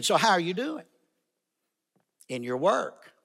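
A man's voice: high-pitched, big pitch swings, takes it slowly, gravelly, fairly bright tone, husky. A man preaching a sermon in a chapel, emphatic and repeating key phrases for stress. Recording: long chapel reverb.

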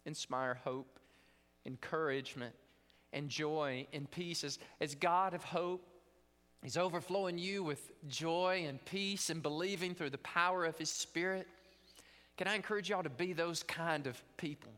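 A man preaching a chapel sermon in a slightly high voice. He tells stories with lively energy, acting out the scenes. His voice rings with a long reverb. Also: measured pace. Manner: animated storytelling, acts out scenes. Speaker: guest preacher. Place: seminary chapel.

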